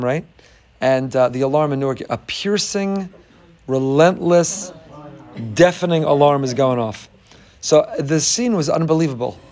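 A middle-aged man, a rabbi giving a Torah class, telling stories with animation and jumping high when acting out other people. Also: a little mellow.

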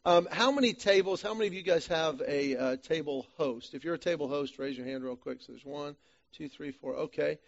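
A man with a slightly raised speaking pitch leads a men's church study group. He tells stories in an animated, self-deprecating way. The sound is a little dull and lo-fi. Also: fairly quick, creaky. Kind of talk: church small-group teaching talk.

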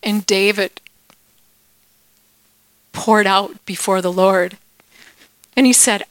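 A woman teaching a Bible lesson to children. She is playful and animated and asks the kids questions. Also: medium pitch, slow, long pauses, clear, resonant tone, no echo.

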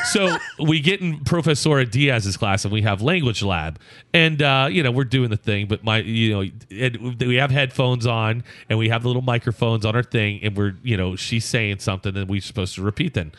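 A man co-hosting a comedy podcast, telling an animated story and laughing through it. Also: medium pitch, fairly quick, dry recording. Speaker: podcast co-host.

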